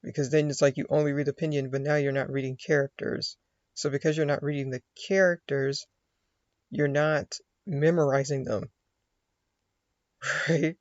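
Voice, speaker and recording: A man's voice: fairly high pitch, little pitch movement, normal speed, pauses often, no echo, highs cut off. A man from the United States, rambling casually in a monologue and acting out his own inner thoughts. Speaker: vlogger.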